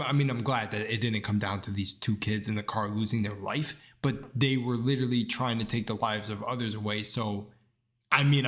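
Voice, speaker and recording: A young man with an ordinary mid-range voice talks straight to his viewers in casual commentary. He rambles and circles back, tossing in "bro" and curses as he gets worked up. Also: medium pitch. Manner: rambling, slangy, says bro a lot; heated, swears freely. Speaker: video commentator.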